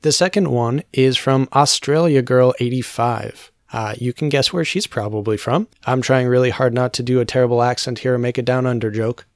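Male podcast host, mid-pitched, dry and measured. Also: dry recording. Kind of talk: podcast hosting and conversation.

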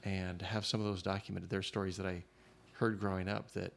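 A man hosting a relaxed interview, his voice low and full of gravelly fry. He talks thoughtfully and haltingly, pausing with fillers as he works out each idea. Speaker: podcast host interviewer. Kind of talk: casual conversational interview.

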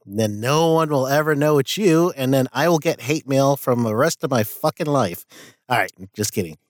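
A man's voice: medium pitch, animated, normal speed, no echo, studio quality. A man guest-hosting a podcast, talking casually and ranting bluntly with profanity and laughing asides. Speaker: guest host. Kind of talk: casual podcast monologue and rant.

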